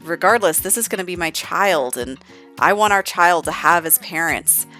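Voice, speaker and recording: A woman voicing an excited young man who tells his friends big news in casual bro-talk. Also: lowish voice, normal speed, faint music behind. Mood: earnest.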